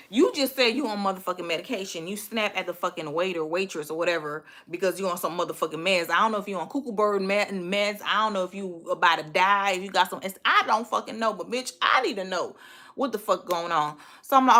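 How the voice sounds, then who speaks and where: A young woman telling a date story in a casual storytime vlog, profane and animated, acting out her own thoughts. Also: medium pitch, a little fast.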